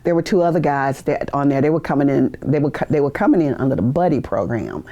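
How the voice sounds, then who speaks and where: A woman's voice: extremely low pitch, animated, fast talker, warm tone. An older woman in her sixties, a veteran, telling stories from her past in a recorded interview. She laughs often and acts out the people she quotes. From United States. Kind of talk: oral history interview. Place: university media studio.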